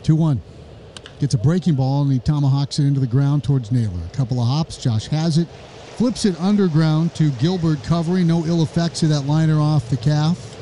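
A man calls a live baseball game from the booth, brisk and a little wry, his voice mellow and rather high for a man. He tosses in jokes between pitches and lifts his voice on the big plays. A faint background noise sits under the call. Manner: brisk, wry, jokey asides, rising excitement on big plays. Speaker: play-by-play announcer.

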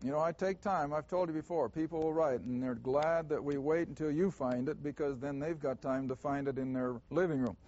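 A man teaching a Bible class, reading verses slowly and deliberately and stressing key words. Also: fairly high pitch, a little mellow, muffled recording.

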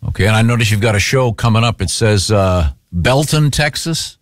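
A man's voice: fairly low pitch, fairly even intonation, quick pace, no room sound, studio quality. A man hosting an interview in a friendly, casual way, reading off tour dates and asking questions. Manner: friendly, chuckling, reads dates off a list. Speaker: interview host.

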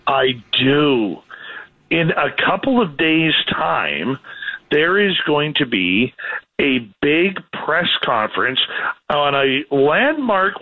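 A man calling in to a talk radio show, giving a brisk and slightly wry news rundown. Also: on the high side. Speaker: news contributor. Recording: tinny phone line.

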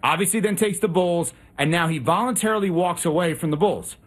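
A man's voice: high-pitched, a little fast. A man hosting sports talk radio, out of breath and talking through his analysis. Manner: animated, talkative analysis.

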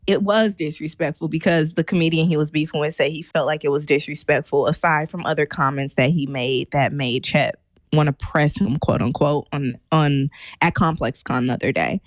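Animated woman co-host, lively talk. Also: sits low, no room sound, dull audio. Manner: animated, storytelling recap. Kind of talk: casual chat.

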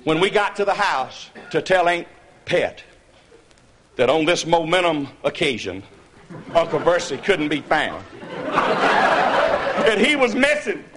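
A man spins a folk tall tale, animated and laughing, his high voice swinging all over. There is steady noise and clicking in the recording. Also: unhurried, pauses often. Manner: animated, laughing, breaks into hollers. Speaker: storyteller.

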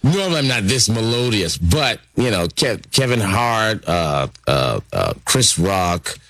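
Hoarse stand-up comic guest, animated delivery, dry sound. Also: male voice, lowish voice, unhurried, dry recording. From Detroit. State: hoarse from yelling. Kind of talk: casual interview chat.

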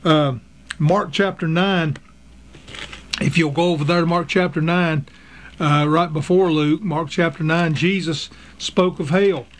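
A man preaching a sermon, earnest and halting, with frequent fillers, reading scripture aloud in old-fashioned wording. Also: on the high side, steady tone, slight background noise. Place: radio broadcast.

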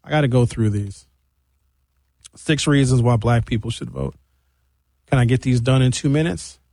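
A man in his fifties hosting and reading viewer comments in an exasperated, animated comic rant. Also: medium pitch, normal speed, gravelly, no echo, clean studio sound. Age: 50s. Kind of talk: comedic rant.

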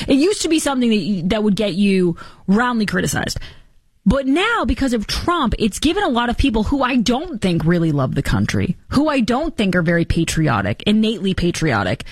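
A woman delivers opinionated political commentary as a host. Her tone is sarcastic and mocking, and she slips into quick impressions. The recording is dry and close. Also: medium pitch, sing-song, no room sound.

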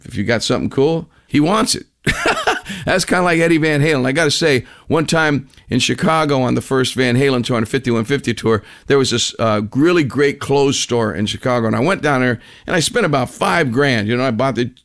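A man's voice: mid-range voice, animated, a little fast, a bit bright. An older man hosting a radio show, telling rambling stories in a loose, chuckling way. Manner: laid-back, chuckling storyteller, loose rambling delivery. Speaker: radio host. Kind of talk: casual radio talk with anecdotes.

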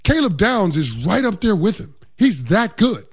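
A high-voiced man co-hosting a sports talk show as its football analyst. He breaks things down with confidence, dropping "like" often as he goes. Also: sing-song, moderate pace, slightly rough. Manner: confident, explanatory, uses "like" often.

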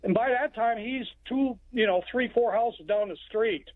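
A man from Texas calls in over a tinny phone line and tells his story plainly. His voice sits high for a man. He rambles and restarts often. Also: normal speed, dry recording. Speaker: caller.

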